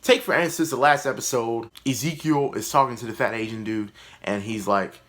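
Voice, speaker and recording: A man's voice: medium pitch, moderate pace, a bit bright. Blunt, sarcastic man ranting in a review. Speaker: YouTube comedian reviewing a TV show. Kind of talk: casual comedy review vlog.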